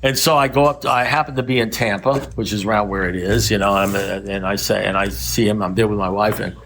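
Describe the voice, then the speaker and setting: A man's voice: lowish voice, steady tone, quick pace, a bit bright, a little hiss or hum. An older man speaking at a recovery meeting, telling rambling stories in a wry, blunt manner.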